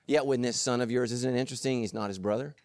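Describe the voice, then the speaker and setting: A man preaching a sermon, animated and jokey, acting out the story's voices. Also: mid-range voice, fast, dry recording, clean studio sound. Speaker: pastor.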